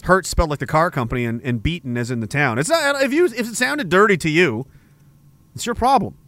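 Bright, animated joking streamer man. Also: on the high side, fairly quick, no echo. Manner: profane, joking, mock-indignant. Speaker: streamer reading chat. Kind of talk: casual chat.

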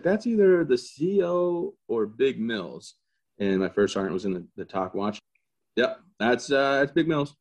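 Lively low-voiced man telling war stories. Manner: animated, jokey, acts out quotes and gun sounds. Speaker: interview guest, army veteran. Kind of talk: casual storytelling.

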